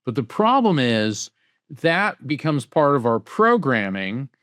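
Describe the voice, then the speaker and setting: A man speaking as a guest in an interview, answering emphatically with rhetorical questions and lively anecdotes. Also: medium pitch, slow, no echo, studio quality. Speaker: psychic medium and guest.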